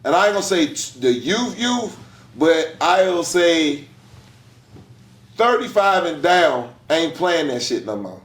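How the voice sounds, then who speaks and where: Man, middle-aged co-host, blunt laid-back slang, slightly high voice, roomy echo. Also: sing-song, a little slow, fairly bright tone. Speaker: podcast co-host. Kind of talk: casual conversation.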